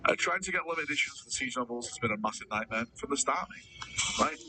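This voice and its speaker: Lively chatty man streaming. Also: mid-range voice, very fast, recorded from a distance, noisy background. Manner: chatty, swears freely, addresses viewers as mate. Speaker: livestreamer reading chat. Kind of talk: casual livestream chat.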